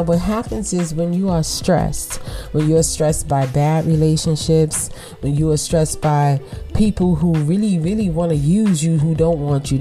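A woman hosting a casual motivational podcast in a low, mellow voice. She speaks with emphasis, repeats words for stress and laughs often. Faint music plays behind her. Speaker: podcast host and mother.

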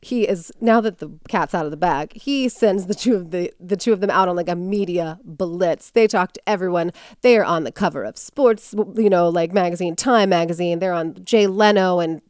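A woman's voice: on the low side, normal speed, few pauses, a little mellow, smooth, no echo, studio quality. A woman hosting a podcast, telling a story in casual chat and acting out quotes in character voices.

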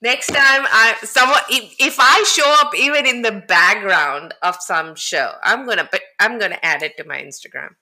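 A woman co-hosting a casual podcast, chatting about reality TV and chiming in with quick agreement and laughter. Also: medium pitch, bright, forceful tone. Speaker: podcast co-host. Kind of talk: casual reality TV recap chat.

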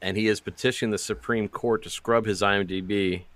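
A man co-hosting a movie podcast, trading crude jokes in a deadpan, casual way. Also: lowish voice, brisk, no room sound. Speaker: podcast co-host.

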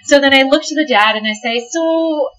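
A woman guest on a podcast, a delivery nurse telling stories in casual chat, animated and laughing often, with casual swearing. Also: high-pitched, moderate pace, low-quality recording.

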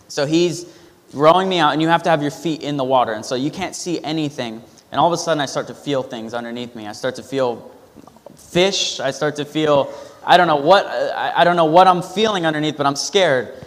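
A man preaching a sermon in a hall with a long echo. His voice sits a little high for a man. He talks loosely and personally, with fillers and restarts as he tells a story. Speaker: pastor.

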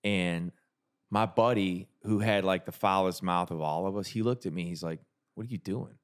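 A man hosting a podcast, chatting casually with a guest and telling stories, sinking into a low confiding tone for anecdotes. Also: fairly even intonation, moderate pace, clean tone, dry recording, studio quality. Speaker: podcast host. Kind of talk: casual chat and storytelling.

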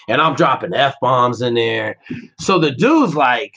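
A man of medium pitch and measured pace, this former Navy SEAL guest shares brash, profane tales in an animated, casual way. The recording is dull lo-fi podcast audio.

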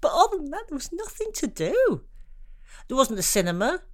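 A woman's voice: high voice, huge pitch swings, fairly quick, darkish tone. A middle-aged woman from Ireland, a comedian, talking frankly and self-deprecatingly about her life in an interview, often laughing through her stories. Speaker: comedian guest. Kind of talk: candid conversational interview.

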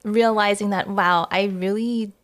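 A woman co-host in a relaxed interview, answering with quick affirmations and short reactions. She talks openly about being moved, and her voice sits at an ordinary middle pitch. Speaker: podcast co-host. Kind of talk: casual interview chat.

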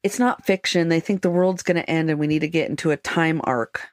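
A woman's voice: deep voice, fairly quick, no echo. A woman co-hosting a casual podcast from a lakeside cabin, chatting and telling stories with amusement. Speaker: podcast co-host. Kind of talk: casual chat.

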